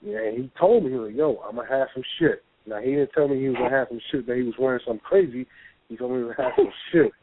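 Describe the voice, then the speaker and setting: A man's voice: mid-range voice, lively intonation, racing, a little hiss or hum. Profane laid-back man on a phone line. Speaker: co-host. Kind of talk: casual call-in talk.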